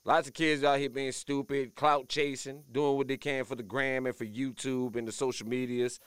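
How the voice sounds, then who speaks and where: A man's voice: mid-range voice, flat delivery, normal speed, a bit bright, clean tone, dry recording. A man from Louisiana hosting a morning radio show, talking bluntly and ranting with jokes. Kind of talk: casual morning show chat.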